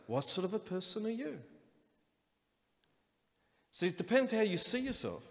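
Male pastor, animated sermon delivery, a touch high-pitched, recorded with long hall echo. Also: moderate pace, pauses often. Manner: animated preaching with acted-out inner voices. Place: church hall.

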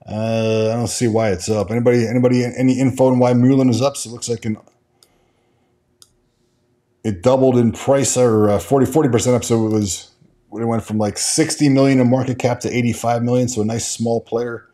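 A man hosts a casual stock market livestream and talks off the cuff. His sentences stall and restart, thick with fillers, as he reads viewer comments aloud and answers them. His voice sits at an ordinary middle pitch. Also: steady tone, brisk, warm tone. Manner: rambling, with frequent restarts and fillers. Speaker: stock market show host.

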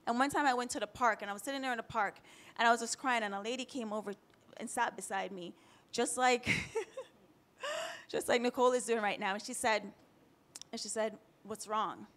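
On a panel, a woman in her thirties from Jamaica tells her personal story openly and emotionally, occasionally on the verge of tears. Her voice runs on the high side and a bit bright; she speaks a little fast but leaves long pauses.

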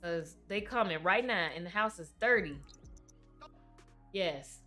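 Woman, livestream gamer, unhurried chatty commentary, soft music behind. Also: lowish voice, expressive. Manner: chatty, talks to her game characters. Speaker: gaming livestreamer.

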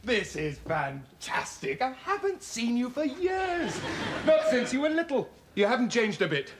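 A man's voice: extremely high pitch, wildly swooping pitch, unhurried, noisy background, full character voice. An actor playing a hearty, polite young man, jovial and charming. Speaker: visiting cousin. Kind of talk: sitcom acting.

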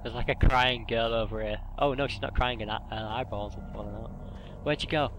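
A young man hosts a let's play, panicky, breathless, jumpy and swearing through casual gaming commentary. His voice is mid-range, with a steady tone and normal speed, captured in a noisy home recording.

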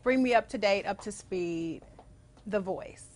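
A woman's voice: mid-range voice, unhurried. A woman TV interviewer who reacts briefly and prompts her guest with questions. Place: TV station interview.

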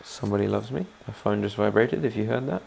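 A man with a low, gravelly voice talks his way through a let's play video. He rambles casually as he builds and keeps inviting viewers to chime in. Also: fast talker, darkish tone, a little hiss or hum. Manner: rambling, chatty, asks viewers to comment. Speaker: gaming channel host.

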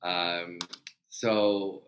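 Older male guest, low register, animated anecdotal delivery with acted-out quotes and casual swearing. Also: very slow, highs cut off, slight background noise. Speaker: guest, TV comedy writer. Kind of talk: casual storytelling interview.

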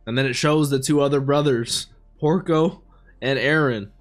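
A man reacting live to an anime episode, swinging between hushed dismay and loud excited outbursts. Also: medium pitch, normal speed, faint music behind. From United States.

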